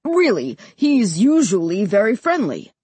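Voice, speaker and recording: A worn-out father in a storybook reading, apologetic and exasperated, voiced by a woman. His tone rises and falls a lot, with a slightly husky edge. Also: mid-range voice, wildly swooping pitch, unhurried, warm tone, no room sound, exaggerated voice.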